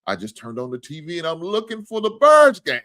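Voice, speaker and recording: Animated joking sports-talk host, man. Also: on the high side, fairly quick. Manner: loud, joking, swears freely, thanks donors. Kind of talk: casual livestream sports talk.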